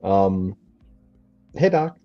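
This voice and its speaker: A man's voice: sits low, big pitch swings, dry recording, soft background music. A man co-hosting a podcast in casual chat, joking and teasing the others. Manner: joking and teasing, quick to laugh. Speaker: podcast co-host. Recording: dull lo-fi audio.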